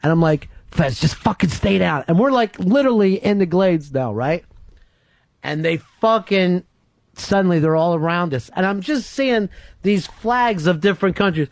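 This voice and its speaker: High-voiced, profane radio host. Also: male voice, lively intonation, moderate pace, no echo. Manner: profane, laughs through his own story. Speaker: radio talk show host. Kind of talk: animated storytelling on talk radio. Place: radio studio. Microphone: studio microphone.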